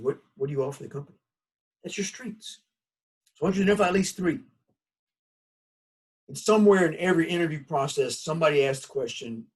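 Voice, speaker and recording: Slightly rough and on the high side, a Southern US man's voice comes from far off the mic as he gives a recorded college lecture. The instructor is folksy and conversational, spinning his material into animated stories.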